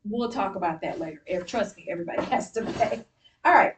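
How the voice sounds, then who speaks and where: A woman teaching a classroom reading lesson, encouraging and clear as she gives instructions. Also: medium pitch, fast. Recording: distant mic with faint noise.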